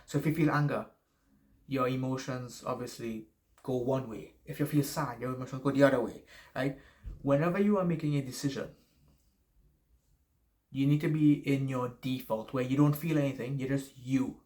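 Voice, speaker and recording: A man's voice: mid-range voice, normal speed, pauses often, darkish tone. A man with a noticeable accent giving casual life advice to camera, rambling, correcting himself and swearing freely. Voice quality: noticeable non-native accent.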